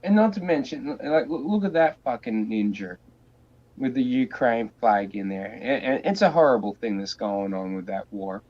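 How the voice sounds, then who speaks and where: A man's voice: mid-range voice, expressive, moderate pace, darkish tone. A man hosting a podcast, ranting crudely and swearing nonstop. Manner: crude, heated, swears constantly. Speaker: podcast host. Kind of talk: profane rant. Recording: dull lo-fi sound.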